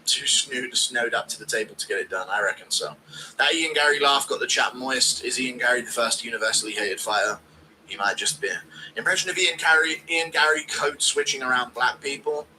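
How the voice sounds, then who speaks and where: A man's voice: medium pitch, a little fast, pushed and bright, a little hiss or hum, low-quality recording. Crude joking man. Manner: crude, joking, reading donations. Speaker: streamer. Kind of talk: casual watch-along chat.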